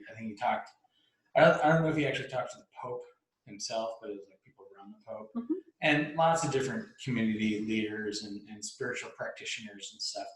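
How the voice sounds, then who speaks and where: A man's voice: mid-range voice, a bit bright. A man casually telling a long story, rambling with restarts, laughs and swearing. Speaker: podcast host telling a story. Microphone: laptop mic. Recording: echoey room.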